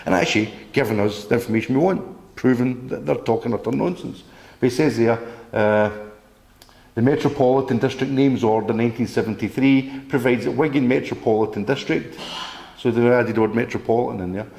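A man's voice: fairly low pitch, creaky, darkish tone, echoey room. A man giving an emphatic, indignant public talk to an audience, rambling with restarts and the odd swear word. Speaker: speaker at a public meeting.

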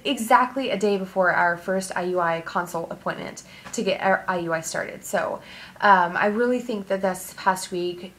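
A young woman talking through her feelings in a personal vlog, halting and emotional, with many fillers and restarts. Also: medium pitch. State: tearful. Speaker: vlogger.

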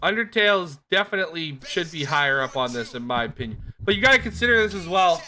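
A young woman streaming games live on a headset mic, excitable, laughing often and swearing freely. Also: fairly low pitch, quick pace. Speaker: game streamer. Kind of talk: live gameplay commentary.

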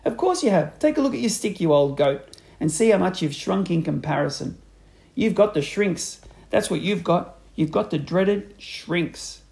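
A man reading a storybook aloud, voicing a spiteful old man who taunts slowly and cruelly. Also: high voice, animated, creaky, darkish tone. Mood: gloating. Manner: taunting, slow and drawn-out.

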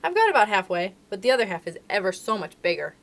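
A woman reading aloud and voicing an eager, determined young princess girl with a bright voice. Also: mid-range voice, big pitch swings, fast talker.

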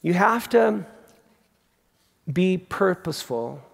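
A middle-aged man preaching a sermon as pastor, conversational and animated, with emphatic repeats. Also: high-pitched, takes it slowly, gravelly. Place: large theatre. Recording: long hall reverb from a theatre.

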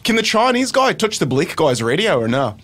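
A man's voice: on the high side, big pitch swings, fairly quick, fairly bright tone. A man from New Zealand with a New Zealand accent, chiming in eagerly on a comedy podcast.

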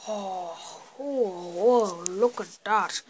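A woman's voice: medium pitch, extremely slow, a little hiss or hum. A woman casually talking through a screen-recorded tutorial on a built-in computer mic. She clowns around and mutters to herself as she clicks. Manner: goofy, clowning, muttering asides while clicking. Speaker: vlogger.

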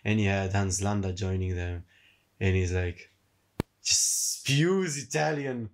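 A man's voice: deep voice, slow pace. A man chatting casually about a film with his sister, explaining in eager, rambling bursts. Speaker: co-host reacting to a film.

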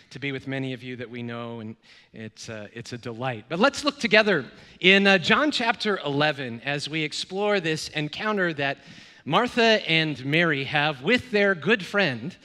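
A man's voice: mid-range voice, animated, normal speed. A middle-aged man preaching as a guest pastor, telling stories with many fillers and acted-out dialogue. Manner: warm storytelling with many fillers and quoted dialogue. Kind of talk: sermon. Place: church sanctuary. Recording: long reverb of a church hall.

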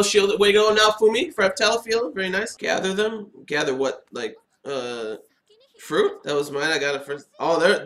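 With a voice that sits high, a man laughs and chats his way through an anime, giving casual, excitable reactions.

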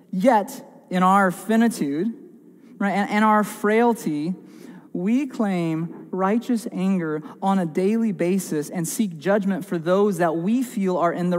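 High-voiced pastor preaching in a reverberant church. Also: male voice. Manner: earnest, emphatic preaching with repeated phrases and small restarts. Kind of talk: sermon. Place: church sanctuary.

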